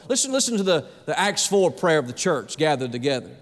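Brief: pastor, man, animated pulpit delivery, high voice, long church-hall reverb. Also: fast, hardly any pauses. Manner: animated preaching, dramatizing quoted prayers. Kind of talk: sermon.

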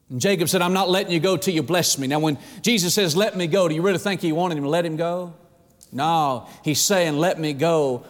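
A high-pitched male preacher delivers a sermon with dramatic swings of voice. He acts out scripture quotes and addresses his listeners as friend. The sound rings with the long reverb of a large hall.

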